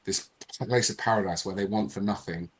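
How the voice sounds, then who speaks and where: Low-voiced man telling a story. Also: fairly quick. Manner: animated, reenacts dialogue in changing voices. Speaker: podcast guest. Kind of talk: casual storytelling.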